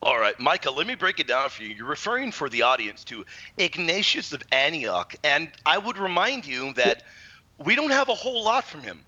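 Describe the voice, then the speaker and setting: A man's voice: fairly high pitch, very animated, moderate pace, pushed and bright, lo-fi sound. A man guesting on a radio show, explaining his faith confidently and energetically. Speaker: guest apologist. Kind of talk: explaining and debating.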